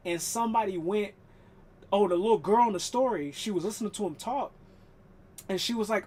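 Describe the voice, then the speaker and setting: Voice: medium pitch, a little fast, long pauses, darkish tone. A live streamer chatting casually while gaming, rambling and swearing, laughing often.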